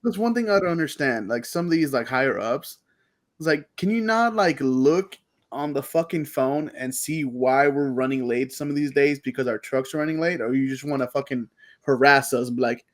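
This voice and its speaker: A man's voice: medium pitch, normal speed. Brief: male podcast co-host, ranting about work, mocking and profane. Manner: vents about bosses, mocking, swears. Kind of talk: profane casual chat.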